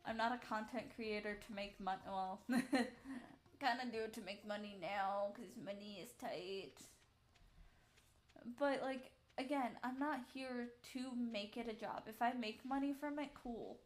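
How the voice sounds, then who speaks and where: A woman streamer with a voice on the high side speaks at a measured pace, out of breath. Playing a game at home, she chats casually and rambles to herself between game actions.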